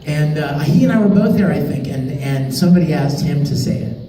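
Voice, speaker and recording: A man telling stories to fans as a convention panel guest, animated and laughing as he talks. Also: fairly high pitch, a little fast. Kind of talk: storytelling to a live audience. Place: large convention hall. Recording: echoey hall, far mic, crowd noise.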